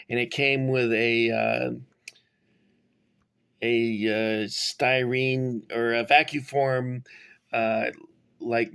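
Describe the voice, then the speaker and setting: A middle-aged man casually showing his toy figures and rambling off on tangents with many pauses. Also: mid-range voice, a bit bright. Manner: rambling, digressive, many fillers. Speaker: toy collector reviewing figures. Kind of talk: casual show-and-tell.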